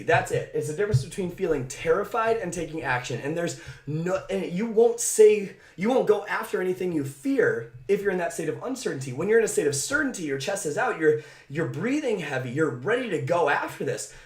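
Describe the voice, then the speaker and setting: A man coaching on mindset, talking straight to camera in an energetic, emphatic and direct way, often tagging his points with "right?". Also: high voice, reverberant. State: out of breath. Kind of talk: motivational talk to camera. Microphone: camera mic.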